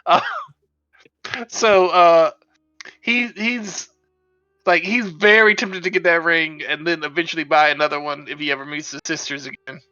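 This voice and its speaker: A man's voice: fairly high pitch, fairly even intonation, a little slow, pushed and bright, clear, resonant tone, no echo, highs cut off, faint music behind. A man playing a tabletop game, chatting casually and rambling with many restarts. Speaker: player.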